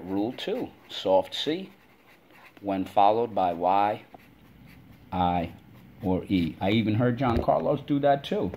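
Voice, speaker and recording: A man's voice: medium pitch, darkish tone. A man teaching a spelling lesson to kids, drilling words in call-and-response and stretching them out syllable by syllable.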